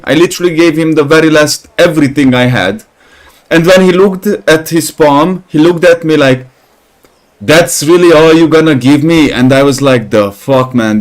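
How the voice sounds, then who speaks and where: A man giving casual gameplay commentary, rambling and swearing, who gets animated when he tells stories. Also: fairly high pitch. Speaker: gaming channel host.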